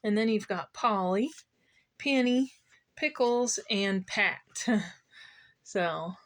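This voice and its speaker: A woman's voice: mid-range voice, takes it slowly. A woman reading a children's picture book aloud, playful and asking the listener questions. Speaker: children's story reader.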